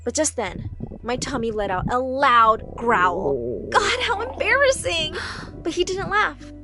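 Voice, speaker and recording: Expressive high-voiced woman narrating. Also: slow. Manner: expressive, dramatic. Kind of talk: scripted narration of an animated story. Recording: faint background music.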